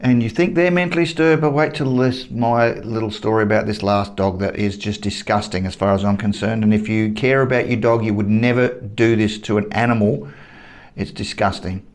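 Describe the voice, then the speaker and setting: A man's voice: lowish voice, steady tone, brisk. A man with an Australian accent delivering a heated, blunt opinion rant to camera as a vlogger, swearing freely and repeating himself for emphasis. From Western Australia.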